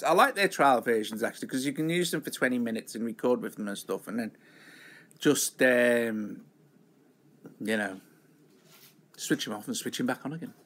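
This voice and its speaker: A man's voice: medium pitch, fairly bright tone. A man hosting a casual live stream from home, rambling and chatty as he greets viewers by name.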